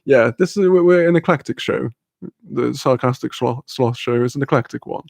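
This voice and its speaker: A man's voice: medium pitch, normal speed, creaky, a little mellow, no echo. A young man chatting casually on a livestream, rambling and swearing freely. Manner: rambling, swearing, laughing often. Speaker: streamer.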